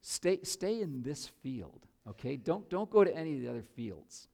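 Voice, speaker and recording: A man voicing a kindly, generous landowner who speaks in a warm, eager, coaxing way. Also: fairly high pitch, big pitch swings, moderate pace, creaky.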